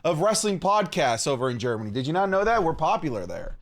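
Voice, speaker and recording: A man from Canada chatting on a podcast in a playful, joking manner. His voice sits a little high and swings widely up and down as he talks. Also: fast. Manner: animated, playful, jokey. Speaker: podcast co-host. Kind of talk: casual chat.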